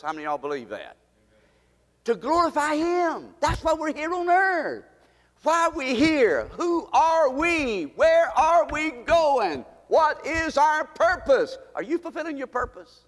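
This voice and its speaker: A man's voice: sits high, fairly bright tone, big-room sound. A man preaching a sermon as pastor, impassioned and repetitive, with pleading rises.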